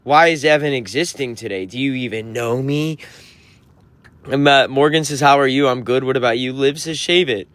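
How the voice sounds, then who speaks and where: A man's voice: medium pitch, moderate pace, fairly bright tone, no echo. Sassy man reading livestream chat. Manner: sassy, teasing, mock-offended. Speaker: touring musician.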